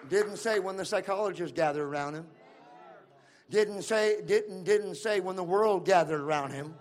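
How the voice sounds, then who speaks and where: A male pastor from Central California preaching a sermon, calling out to the room and repeating his lines as he builds to shouts. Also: high-pitched, moderate pace. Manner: calls to the room and repeats himself.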